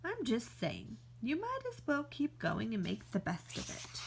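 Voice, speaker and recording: A woman's voice: fairly high pitch, wildly swooping pitch, unhurried, creaky, background noise, exaggerated voice. A woman teacher reading aloud, voicing a carefree, reckless young male bird with a breezy, teasing manner. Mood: upbeat.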